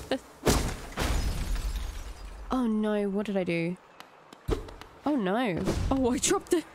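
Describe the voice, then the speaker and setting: High, lively woman reacting to gameplay. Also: noisy background. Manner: reactive, exclaiming and swearing under pressure. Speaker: let's play gamer. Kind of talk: live gameplay commentary.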